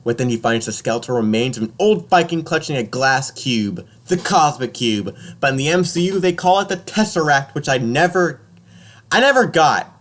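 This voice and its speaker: A man's voice: mid-range voice, moderate pace. A young man casually recapping a film on a podcast, joking and slipping into silly character voices. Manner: animated, jokey, slips into silly voices for characters.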